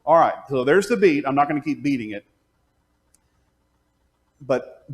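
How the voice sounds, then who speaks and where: A man teaching a class on leading congregational singing, explaining step by step and singing out pitches and counting beats aloud. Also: animated, unhurried, long pauses. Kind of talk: hands-on music class teaching.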